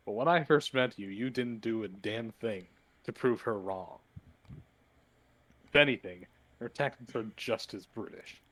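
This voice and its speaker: A man's voice: fairly low pitch, a bit bright. A man voicing a fierce, impatient young woman warrior who speaks with urgent indignation.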